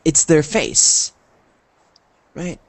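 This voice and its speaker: A man's voice: fairly high pitch, extremely slow, no echo. A man teaching an online English class over a video call, friendly, often asking "right?" to check in.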